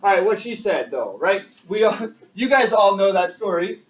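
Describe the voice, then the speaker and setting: A young male high school teacher giving a chatty classroom lecture, asking the class questions and joking at his own expense. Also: expressive, moderate pace. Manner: chatty, self-deprecating, asks the class questions. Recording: distant mic with faint classroom noise.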